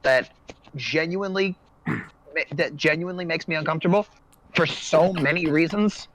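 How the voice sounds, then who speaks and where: High voiced guy hosting a chill podcast, lots of ums and restarts. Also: normal speed, fairly bright tone, a little hiss or hum, poor audio. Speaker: podcast host. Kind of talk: casual panel chat.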